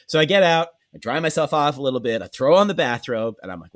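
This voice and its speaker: Animated storytelling man, lively pitch. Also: very fast, hardly any pauses. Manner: profane, animated, acts out dialogue. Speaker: podcast host. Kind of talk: casual comic storytelling.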